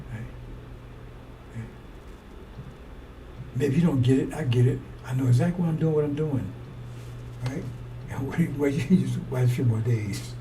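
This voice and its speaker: A mellow, medium-pitched male voice delivers a rambling street-style sermon, fiery, blunt, and full of profanity. The recording uses a distant mic and carries faint noise.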